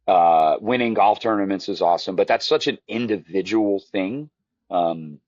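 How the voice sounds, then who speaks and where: A man's voice: sits low, moderate pace, a little mellow, dry recording. Man, golf instructor guest, casual interview chat, emotional storyteller, lo-fi dull sound, dry. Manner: emotional, rambling storyteller with many restarts.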